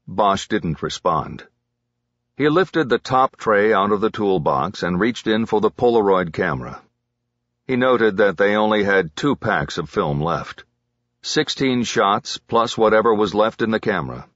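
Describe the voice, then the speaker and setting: A man reading a crime novel aloud as an audiobook narrator, measured and dramatic. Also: on the low side, expressive, fairly bright tone, no room sound, highs cut off.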